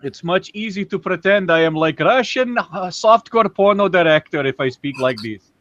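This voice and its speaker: A man's voice: animated, takes it slowly, lo-fi sound. A man voicing a brash, pushy male Russian film director with a mock accent and broken English. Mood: boastful. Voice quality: broken English, higher and louder than his own voice.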